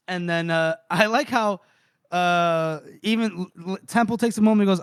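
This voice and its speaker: Male podcast co-host, fairly high, dry mic; chatty recap that slips into brief put-on voices, laughs a lot. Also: clear, resonant tone, no room sound. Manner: retells scenes with quick put-on voices, laughs often. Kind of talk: casual book-club recap.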